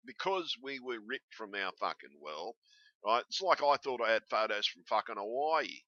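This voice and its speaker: A man's voice: mid-range voice, animated, moderate pace, pushed and bright, no room sound, highs cut off. An Australian man talking in a casual, rambling vlog, blunt and swearing constantly. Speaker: YouTuber.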